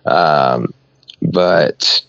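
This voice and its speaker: A man's voice: rumbling low, extremely slow, a bit bright, dry recording, highs cut off. A podcast guest, a man, rambling in casual chat with many filler words.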